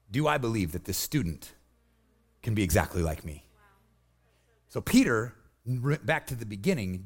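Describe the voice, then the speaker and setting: A male pastor delivering a sermon with a fairly high, very lively voice that swoops up and down. He tells the story with animation and slips into quick put-on voices for the people he quotes.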